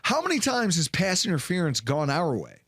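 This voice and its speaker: A man talks sports in a casual recap, his voice rising and falling all over the place as he acts out what people said. His pitch sits a bit high for a man. The sound is dry and close. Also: a little fast, slightly rough, no echo. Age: late 20s or 30s. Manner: animated storyteller, acts out quotes loudly. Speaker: co-host of a sports recap show.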